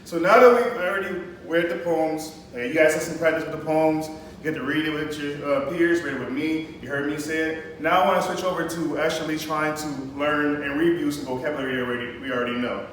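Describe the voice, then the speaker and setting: A man's voice: on the high side, fairly even intonation, a little fast, a bit bright. A man teaching a poetry lesson to a class, explaining patiently and checking in with "okay?" after each point. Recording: echoey classroom, mic far off, faint noise.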